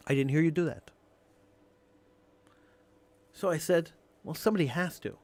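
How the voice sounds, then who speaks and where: A male radio talk show host delivering an impassioned, emphatic monologue, building to near-shouting on key points. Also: on the high side, moderate pace, pauses often, no echo.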